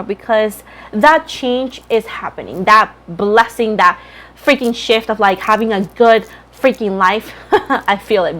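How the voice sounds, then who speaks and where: A woman giving a casual tarot reading to camera, chatty and frank, talking straight to her viewers. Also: fairly high pitch. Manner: chatty, frank, addresses viewers as boo and Libra. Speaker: tarot reader.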